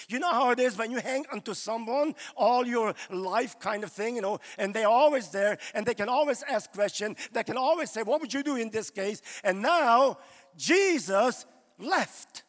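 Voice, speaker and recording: Recorded live in a church's large hall, a male pastor delivers a loose, conversational sermon full of "you know" fillers. His voice is very high-pitched.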